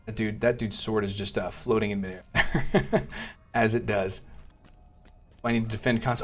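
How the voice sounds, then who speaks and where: A man's voice: lowish voice, steady tone, moderate pace, a bit bright. A man giving casual, playful gameplay commentary, with apologetic, laughing asides. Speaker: let's play host.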